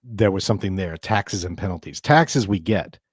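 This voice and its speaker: A middle-aged man with a fairly low voice hosts a financial radio talk show. He explains things casually, restarts his sentences and throws in emphatic asides. The sound is close and dry. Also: lively intonation, moderate pace, slightly rough, dry recording. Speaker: financial advisor and podcast host.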